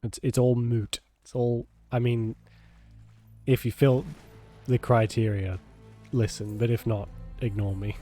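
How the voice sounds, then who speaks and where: A man with a nasal, congested voice from a cold chats loosely while he plays a game. His tone is mellow and dark, and he often laughs and jokes. Soft music sits behind him. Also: mid-range voice, level tone, unhurried. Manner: laughing, joking, swearing. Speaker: streamer. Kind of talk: casual gameplay commentary.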